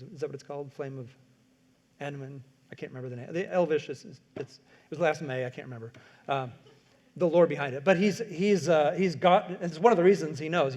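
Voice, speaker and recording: Man, fairly high voice, lecturing, animated, quizzes the audience. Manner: animated, acts out quoted lines, asks the audience questions. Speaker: workshop speaker on screenwriting.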